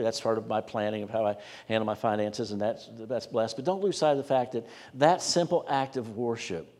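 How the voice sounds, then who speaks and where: Man preaching in a reverberant church. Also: on the low side. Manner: earnest, conversational preaching with soft drops at line ends. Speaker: pastor. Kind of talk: sermon. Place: church sanctuary. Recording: long church hall reverb.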